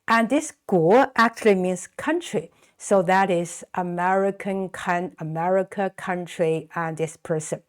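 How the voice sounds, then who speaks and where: A woman with a Chinese accent, a native Chinese speaker, teaching a beginner's language lesson and patiently repeating words slowly for learners. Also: lowish voice. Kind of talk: slow explanatory online lesson.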